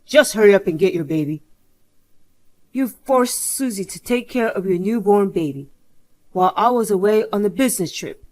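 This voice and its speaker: A woman's voice: medium pitch, expressive, moderate pace, darkish tone, voice pushed down, close to an everyday voice. A woman's voice, probably synthetic, reading the lines of an angry adult man who scolds urgently in a drama story. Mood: scolding.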